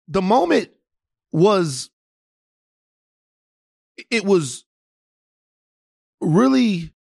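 A man from Louisiana tells a story on a podcast, animated and profane, with lots of stammered restarts. His voice sits a bit high for a man, and the recording is dry and close. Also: vocal fry, no echo. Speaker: podcast co-host. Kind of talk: casual storytelling chat.

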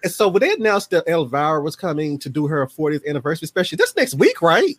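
A man's voice: fairly high pitch, fast, no echo. A man in his forties, a podcast guest, telling stories in a casual chat and slipping into his family's voices. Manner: lively storyteller who acts out family members' voices.

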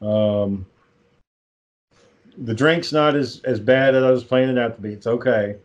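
A man's voice: mid-range voice, unhurried, lo-fi sound. A young adult man co-hosting a casual chat, rambling through stories and swearing freely. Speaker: podcast co-host.

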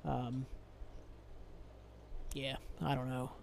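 A man's voice: mid-range voice, flat delivery, extremely slow, gravelly, a little hiss or hum. A young man hosting a solo podcast, ranting angrily and profanely with frequent sighs and restarts. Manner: angry, profane, rambling rant with sighs. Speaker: podcast host.

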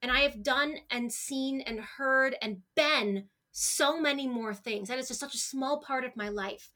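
A woman's voice: high voice, unhurried, pushed and bright. A woman in her twenties speaking as a podcast guest, open and emotional, often restarting her sentences. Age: 20s. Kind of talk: candid conversational interview.

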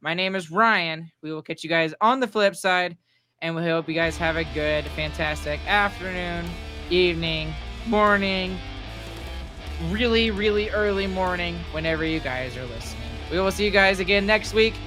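A man's voice: fairly high pitch, moderate pace, over music. A young man hosting a podcast in casual chat, rambling loosely and laughing easily. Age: young adult. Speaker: podcast host.

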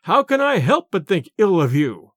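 A man's voice: high voice, sing-song, normal speed, husky, dry recording, studio quality, exaggerated voice. A man voicing a proud, angry medieval king in a storybook reading. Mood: commanding. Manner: imperious, loud.

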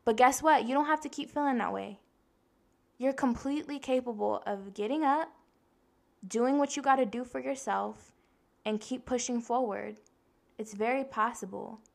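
A woman's voice: on the high side, moderate pace, creaky. A young woman hosting a casual self-help podcast, blunt and profane, talking straight to her listeners and acting out the voices she quotes. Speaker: podcast host.

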